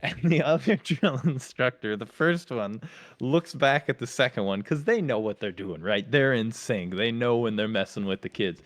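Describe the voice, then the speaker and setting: A man co-hosting a podcast, telling a lively story about his days as a Marine and acting out his drill instructors. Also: medium pitch, normal speed. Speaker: podcast co-host; former Marine. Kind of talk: casual storytelling chat.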